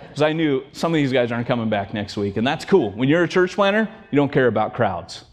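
A middle-aged man preaching a sermon, telling stories with acted-out voices and swinging from loud to hushed. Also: medium pitch, animated, fast, few pauses. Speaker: pastor.

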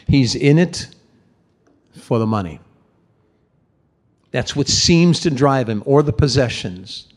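A man's voice: medium pitch, animated, slow, pauses often. A man preaching a sermon in a conversational, emphatic way, often repeating words for stress.

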